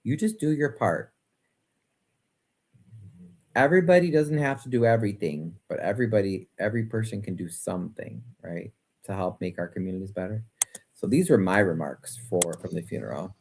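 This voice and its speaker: A man's voice: fairly low pitch, lively intonation, moderate pace, creaky, darkish tone, slightly rough. A man hosting his own channel, talking casually and earnestly, often circling back mid-sentence and answering viewers' comments as he goes. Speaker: channel host. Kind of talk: casual live-stream commentary.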